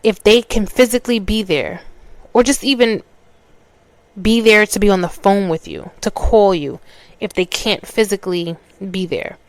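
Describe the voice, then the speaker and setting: A woman's voice: medium pitch, moderate pace, dry recording. A woman, hosting a podcast and telling a personal story in a loose, conversational way, restarting her sentences and acting out what people said. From New York. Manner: conversational, restarts mid-sentence, acts out quoted dialogue. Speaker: podcast host.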